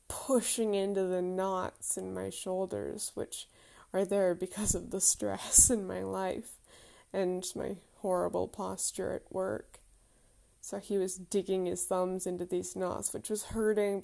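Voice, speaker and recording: A woman's voice: mid-range voice, vocal fry, warm tone. A woman in her thirties telling a candid, reflective personal story with self-deprecating humour.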